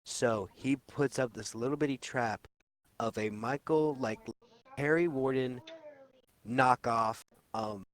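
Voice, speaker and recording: A man's voice: medium pitch, slow pace. A young man co-hosting a casual movie review chat, laid-back, retelling a film scene. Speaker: podcast co-host.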